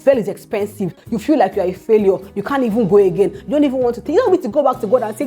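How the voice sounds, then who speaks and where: A woman casually retelling a Bible story as encouragement, animated and full of exclamations. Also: medium pitch, racing, few pauses, soft background music. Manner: animated, exclaiming, preacherly asides. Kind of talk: casual devotional teaching.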